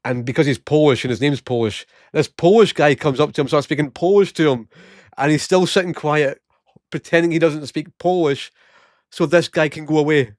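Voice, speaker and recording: A man's voice: fairly high pitch, moderate pace, darkish tone. A Scottish man in his late thirties tells stories from work and shopping in a loose, casual way. He laughs a lot and slips into voices for the people he quotes. The sound is close and dry, with almost no room echo. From Scotland. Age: 30s. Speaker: vlogger. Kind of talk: casual storytelling.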